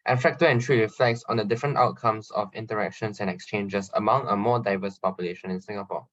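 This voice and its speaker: A male student reading a question aloud in class, careful and flat, with a slip. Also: on the low side, fast, no echo, highs cut off.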